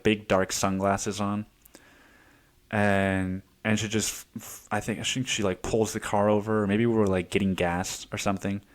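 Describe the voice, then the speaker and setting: A young man hosting a solo podcast, telling stories in a rambling, profane way with many restarts. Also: on the low side. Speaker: podcast host. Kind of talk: casual solo monologue.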